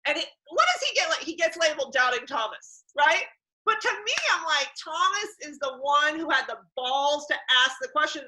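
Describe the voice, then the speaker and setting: A woman with a high voice hosts a casual podcast conversation about faith, speaking at a moderate pace. She tells stories animatedly and acts out the people she quotes. The recording is rough.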